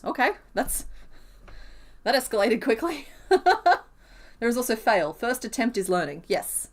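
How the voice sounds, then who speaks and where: A woman's voice: on the high side, expressive, measured pace, pauses often. A woman chatting casually on a live stream while she crochets, thinking aloud and laughing often.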